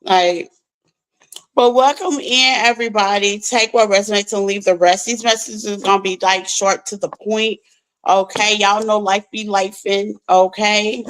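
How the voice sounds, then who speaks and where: A young woman, hosting a tarot channel in casual chat, laughing often and talking in animated slang. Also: medium pitch, measured pace, clear, resonant tone, low-quality recording. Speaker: tarot reader, channel host.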